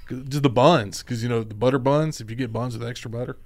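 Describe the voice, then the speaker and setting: A man's voice: mid-range voice, fast talker. A man on a radio show talks in a laid-back, rambling way. He drifts from point to point in easy banter with his co-hosts. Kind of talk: casual morning-show banter.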